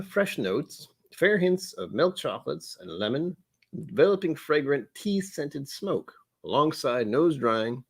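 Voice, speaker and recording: A man's voice: a little high, slightly rough, exaggerated voice. A man putting on a pompous posh butler. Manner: plummy, measured, theatrical reading.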